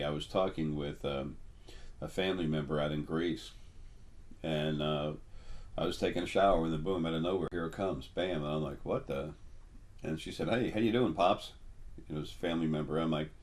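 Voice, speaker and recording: An older man with a deep, low voice gives a loose, unscripted talk as a spiritual teacher. He rambles and stops often with ums and restarts. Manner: rambling, halting with many ums. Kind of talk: casual monologue.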